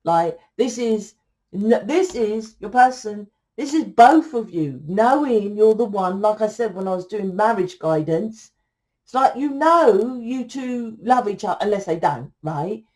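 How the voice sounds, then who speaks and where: A woman's voice: medium pitch, expressive, a little slow, darkish tone. Blunt, tired woman reading tarot. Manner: blunt, swears freely, acts out quotes. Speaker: tarot reader. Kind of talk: casual tarot reading to camera.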